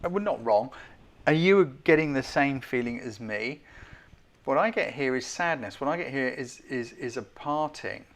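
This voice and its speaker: Chatty male host judging photos on a live stream, self-deprecating, mid-pitched, keeps asking the audience. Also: lively intonation, moderate pace. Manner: self-deprecating, hedging critic. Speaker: host giving photo feedback.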